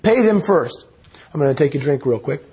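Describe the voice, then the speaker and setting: Guy preaching a sermon, higher voice kinda husky, earnest and measured. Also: lively intonation, warm tone. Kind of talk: sermon with scripture reading.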